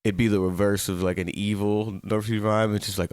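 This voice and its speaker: A man's voice: fairly low pitch, little pitch movement, fairly quick, darkish tone, clear, resonant tone, dry recording, clean studio sound. A man hosting his own web show alone, talking straight to viewers in a playful, rambling way. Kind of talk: casual solo talk-show monologue.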